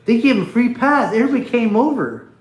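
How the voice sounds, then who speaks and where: A man's voice: very high voice, lively intonation, a little fast, reverberant. A man hosting a casual livestream from his phone, talking bluntly and rambling, with profanity and frequent restarts. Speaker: livestream host.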